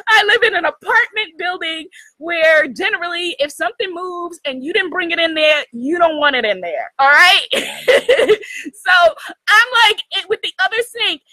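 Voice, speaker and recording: A woman from New hosting a spiritual livestream, telling a story in an animated way, laughing often and talking straight to her viewers. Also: very high-pitched, normal speed, no echo, low-quality recording. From United States. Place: outdoors in the jungle.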